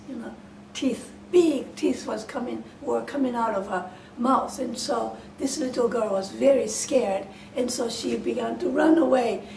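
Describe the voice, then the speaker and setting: A woman's voice: fairly high pitch, a little mellow. A woman retelling a fairy tale for English learners in simple words, hesitant with many fillers and restarts. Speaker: storyteller. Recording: roomy, distant mic, faint hiss.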